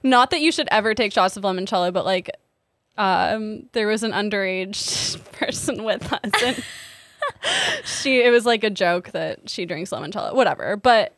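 A woman's voice: mid-range voice, sing-song, moderate pace, fairly bright tone, no echo, studio quality. A young woman co-hosting a podcast in casual chat, giggly and rambling with lots of filler words. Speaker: podcast co-host.

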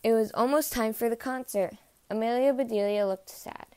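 A woman narrating a children's picture book in an even, clear read-aloud style. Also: on the high side, normal speed, dry recording.

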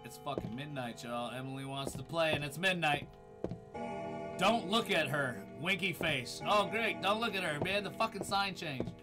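A man's voice: fairly high pitch, expressive, moderate pace, music in the background. A man streaming a horror game live, swearing a lot, jumpy and teary from fright, yelping and laughing at each scare. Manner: profane, jumpy, shrieks and laughs when scared. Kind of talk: live gameplay commentary.

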